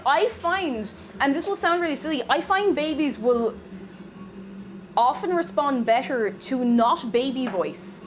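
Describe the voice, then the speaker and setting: A woman's voice: a little high, big pitch swings, normal speed, background noise. A young Irish woman streaming from her home kitchen, chatting casually, rambling through asides and reading viewer messages aloud. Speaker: streamer baking live.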